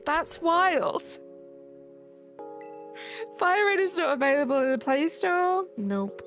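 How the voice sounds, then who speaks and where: A woman's voice: sits high, big pitch swings, slow pace, long pauses, a bit bright. A young woman live streaming at home on a desk mic, chatting casually, reading chat aloud and joking back. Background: faint game music.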